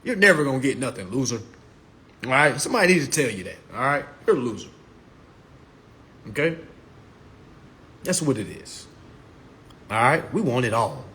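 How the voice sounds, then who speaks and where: In a casual live-stream monologue, a man promotes his class in a brash, profane, mocking way. He speaks at a moderate pace, pauses often, and swings his pitch around lively.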